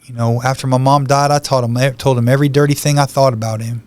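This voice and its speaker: A man at a middling pitch tells his personal testimony as a podcast guest, earnest and heartfelt. He speaks conversationally, with frequent "you know" asides. His delivery is plain and unhurried. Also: fairly even intonation, no room sound. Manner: emotional, heartfelt retelling.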